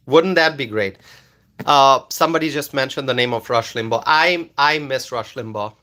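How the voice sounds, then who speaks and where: A man's voice: fairly high pitch, bright, forceful tone. A man hosting a casual political commentary live stream, repeating his points with emphasis and reading viewer comments aloud.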